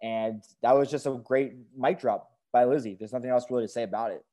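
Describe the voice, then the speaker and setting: Man, podcast co-host, casual recap chat, enthusiastic, warm mellow voice. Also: mid-range voice. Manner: enthusiastic, relaxed, quick to praise.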